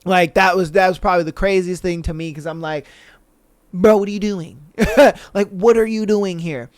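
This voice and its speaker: A man's voice: sits high, moderate pace, clean tone, no room sound. A man hosting a podcast, giving a casual, profane, slang-heavy recap and mimicking the people he talks about. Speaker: podcast host.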